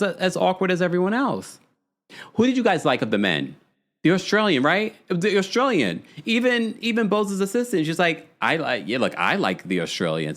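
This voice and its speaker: A man's voice: mid-range voice, fairly bright tone. A young man hosting a casual, gossipy reality TV recap, reading out live chat and laughing often. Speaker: podcast host.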